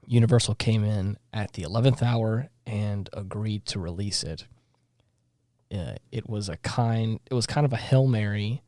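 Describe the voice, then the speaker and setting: A man's voice: lowish voice, mellow, no room sound, clean studio sound. A man co-hosting a casual podcast, reading film trivia aloud with frequent fillers and small laughs. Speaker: podcast co-host.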